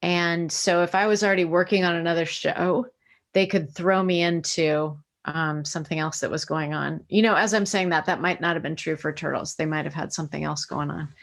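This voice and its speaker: An American woman with a slightly low voice, speaking casually in an interview. She is a voice actor who tells stories about her work in a chatty, self-deprecating way. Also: fairly even intonation, brisk, gravelly. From United States.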